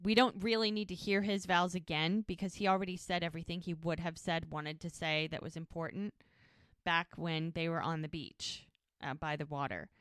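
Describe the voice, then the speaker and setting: A woman's voice: on the low side, fairly even intonation, moderate pace, fairly bright tone, clear, resonant tone, no echo, studio quality. A woman co-hosting a podcast, casually retelling a TV episode scene by scene, acting out the characters' lines and laughing often. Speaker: podcast co-host recapping a TV episode. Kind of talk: casual chat.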